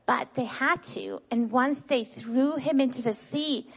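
A woman with a high, bright voice retells a Bible story for a class of children. She stays animated and expressive, keeps adding "right?" to check in with them, and puts questions to the class before answering them herself. A steady hiss of noise sits under her voice. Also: measured pace, vocal fry. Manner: lively and expressive, tags nearly every sentence with "right?".

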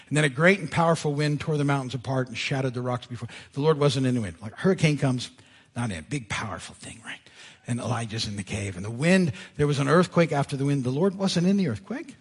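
Husky-voiced man preaching a lively sermon. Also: mid-range voice, a little fast. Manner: animated, retells scripture with lively asides. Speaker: pastor. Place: church sanctuary.

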